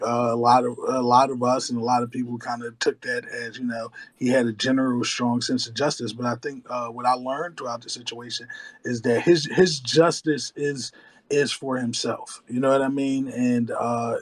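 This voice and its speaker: Man, mid pitch, rambling explainer on a group call, leans on fillers. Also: rough recording. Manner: rambling, fills with "you know what I mean". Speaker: crypto project lead. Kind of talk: casual group voice chat.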